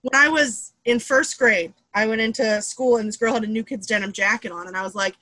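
A woman in her thirties from the Boston area tells stories as a guest, quick and animated, acting out every quote. Her voice is bright and sits a little high. The sound is dry and close. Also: no room sound. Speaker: comedian guest. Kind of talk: casual storytelling chat.

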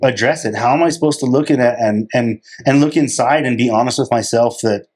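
Male podcast co-host, mid-range voice, animated and quick to laugh while telling a story in casual talk. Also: mid-range voice, breathy edge.

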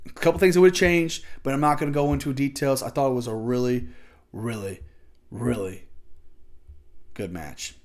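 A man hosting a casual wrestling review show. He talks excitedly and acts out the wrestlers' and commentators' lines as he recaps the matches. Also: mid-range voice. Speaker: wrestling podcast host.

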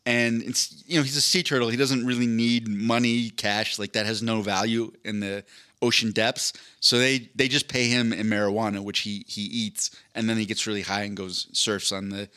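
A man's voice: lowish voice, fairly even intonation, moderate pace, sharp tone, smooth. A man hosting a podcast in casual, rambling chat, joking and swearing freely. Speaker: podcast host.

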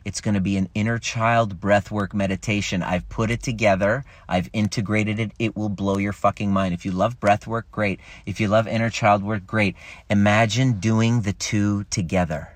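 Lively man coaching on a live stream. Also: lowish voice, moderate pace, no room sound. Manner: animated, laughing, swears casually. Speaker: relationship coach. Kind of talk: casual Facebook Live talk.

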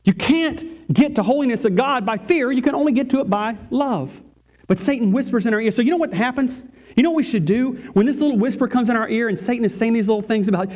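A man's voice: very high voice, animated, quick pace, a little mellow. A male pastor preaching a sermon in a church, emphatic and repetitive. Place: church sanctuary.

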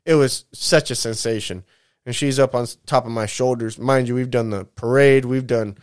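A man in his thirties rambles through a casual vlog, speaking candidly and emotionally and wandering from one tangent to the next. His voice is smooth and clear at a medium pitch. He swears freely and keeps calling his listeners "man" and "folks.". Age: 30s. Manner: rambling, drifts off topic, says "man" a lot. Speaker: vlogger.

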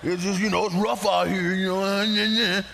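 A man voicing a gloomy, mopey churchgoer who always complains, talking in a halting, downbeat way. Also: high-pitched, level tone, gravelly, bright, forceful tone, a little hiss or hum, heavily acted. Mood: glum.

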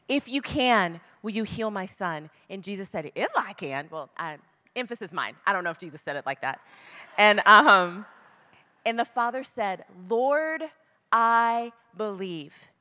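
A woman with a medium-pitched, slightly bright voice preaches a sermon to a women's gathering, passionate and conversational, hitting key words hard. The recording carries the long reverb of a large hall.

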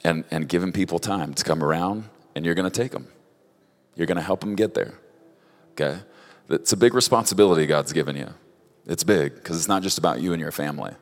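A man giving prophetic words to people one at a time, speaking directly to each in a halting way, often repeating words. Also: deep voice. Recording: long reverb of a large hall.

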